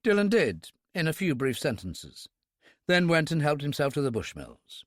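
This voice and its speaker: A man narrating a thriller audiobook in a dramatic, animated reading. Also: on the high side, moderate pace, no room sound, studio quality. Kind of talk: scripted narration.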